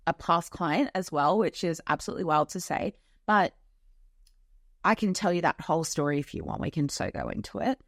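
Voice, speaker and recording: A woman's voice: lowish voice, no echo, studio quality. A woman hosting a podcast as a spiritual coach, talking frankly in a casual monologue with a lot of swearing and filler words. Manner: frank and profane, lots of "like" fillers. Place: home office.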